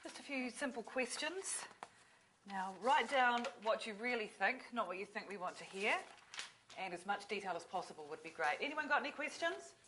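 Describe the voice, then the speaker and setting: A woman's voice: fairly high pitch, expressive, moderate pace, pushed and bright, slight background noise. An actress with a New Zealand accent playing an upbeat woman running a focus group. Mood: brisk.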